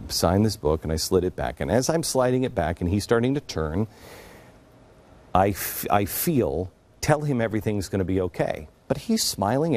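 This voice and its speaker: A middle-aged man hosts a talk show and speaks in an earnest, confiding monologue. His voice sits low and warm, and his pitch rises and falls a lot as he tells a story, sometimes dropping to a near hush. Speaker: radio and TV show host.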